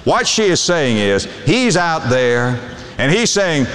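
A man's voice: very animated, slow pace, a bit bright, slight background noise. Preaching man in a reverberant hall. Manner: preaching with sweeping pitch swings, quoting scripture in old English. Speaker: pastor. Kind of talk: sermon.

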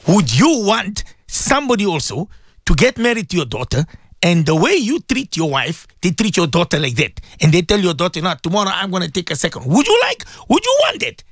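Man, radio preacher, impassioned, repetitive rhetorical questions, gravelly husky voice, dry close sound. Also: high-pitched, no room sound. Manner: impassioned, repeats words, many rhetorical questions. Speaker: Islamic radio presenter. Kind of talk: preaching radio talk to listeners.

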